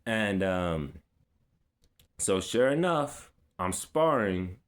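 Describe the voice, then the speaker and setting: A man with a fairly low voice talks straight to his audience in a loose, casual vlog. He rambles with plenty of fillers and restarts and drops easy street slang as he goes. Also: expressive, very slow. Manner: laid-back street slang. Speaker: vlogger. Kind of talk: casual personal storytelling.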